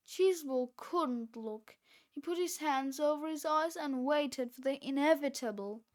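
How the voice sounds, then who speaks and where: Slow high-voiced woman reading a storybook. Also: darkish tone. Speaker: children's book reader. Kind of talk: read-aloud storybook narration.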